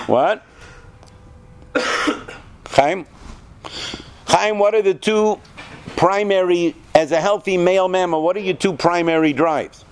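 A male teacher speaking to a room of students in an animated, conversational way. His voice sits slightly high, and he keeps stopping to quiz the class. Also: slow, long pauses, a little hiss or hum. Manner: animated, asks the class questions. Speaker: yeshiva teacher. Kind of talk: lecture to students.

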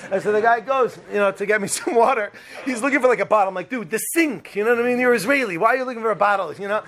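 A man giving a talk, telling a humorous personal story in an animated, chatty way, restarting sentences and mixing in Hebrew terms. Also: sits high, very fast. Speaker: speaker giving Torah talks.

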